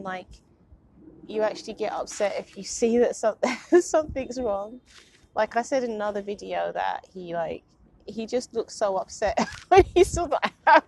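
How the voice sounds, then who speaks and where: A woman's voice: a little high, a little mellow. Chatty woman, laughing often. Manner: rambling, self-mocking, laughs often. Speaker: vlogger. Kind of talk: casual confessional chat. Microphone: phone or low-end camera.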